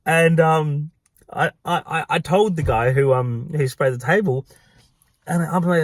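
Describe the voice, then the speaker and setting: An Australian man who works at a pub, telling a story in a profane, gossipy, animated way. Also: fairly high pitch, measured pace, no room sound. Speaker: pub worker. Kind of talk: storytelling vlog.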